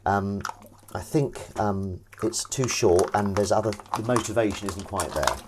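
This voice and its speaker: On a live stream, a man with a lowish voice chats at a measured pace while washing up, rambling and teasing his viewers as he talks to chat through his chores. Running water and clattering dishes sound behind him amid background noise.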